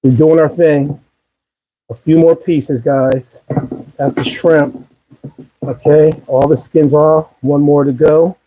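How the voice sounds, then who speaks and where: A man's voice: fairly high pitch, steady tone, slow pace, pauses often, phone-quality sound. A man with a Maryland accent hosting a live cooking stream from his home kitchen, chatty and upbeat as he coaxes viewers along. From Maryland, USA. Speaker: host cooking on a livestream. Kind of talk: casual cooking demo chat to viewers.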